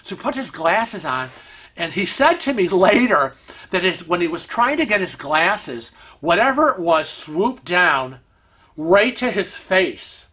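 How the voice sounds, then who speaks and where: A man telling a story in an animated, excitable way to his vlog viewers. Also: high-pitched, a little slow, breathy edge. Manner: animated, excitable storytelling with laughs and acted-out quotes. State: vision impaired, uses a cane. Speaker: vlog host. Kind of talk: casual storytelling.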